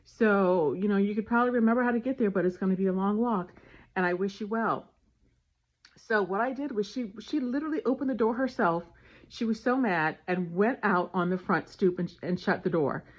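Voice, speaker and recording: A woman casually telling a family story and giving parenting advice, animated and acting out the dialogue. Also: mid-range voice, brisk. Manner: animated retelling with voiced dialogue. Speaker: parenting vlogger. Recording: dull lo-fi sound.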